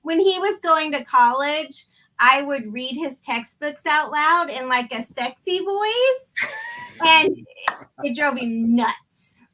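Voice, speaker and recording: Casting: woman in her fifties, high and bright voice, lively swooping delivery, playful co-host. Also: slow. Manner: playful, self-mocking, laughs often. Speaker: podcast co-host. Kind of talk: casual book chat.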